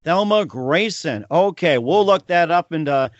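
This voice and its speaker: Middle-aged talk show host, slightly higher voice, muffled dry recording. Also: male voice, animated, no room sound. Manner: friendly, quick affirmations, interviewer. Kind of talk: interview.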